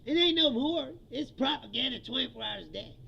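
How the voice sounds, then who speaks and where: A man's voice: very high voice, expressive, brisk, vocal fry, sharp tone, husky, dull audio. A male comedian in a profane, mocking political rant, often laughing at his own jokes.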